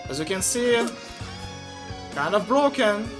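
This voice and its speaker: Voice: mid-range voice, very animated, slow pace. A streamer chatting casually while playing a game, reacting aloud as it goes. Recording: faint game music behind.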